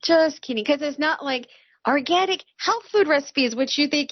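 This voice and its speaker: A woman's voice: high voice, moderate pace, dull audio. A woman hosting a casual live stream, chatting, reading viewer comments aloud and laughing often. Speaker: host.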